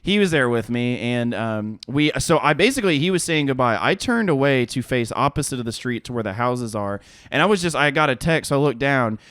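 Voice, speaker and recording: A man's voice: mid-range voice, a little fast, few pauses, clean tone, no room sound, clean studio sound. A man in his thirties, co-hosting a podcast, telling a story in casual chat with lots of laughter and acted-out quotes. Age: 30s. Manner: animated, profane, laughs often, acts out quotes. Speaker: podcast co-host.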